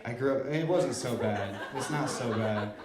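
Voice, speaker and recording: A man's voice: medium pitch, moderate pace, roomy sound, far from the mic. A man from Iowa doing an open-mic stand-up set in a comedy club, playful and self-deprecating as he works the crowd.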